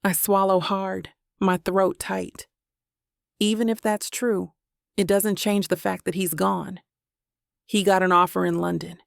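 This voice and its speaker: Gravelly woman narrating a romance audiobook. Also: fairly low pitch, dry recording, studio quality. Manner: intimate, reflective.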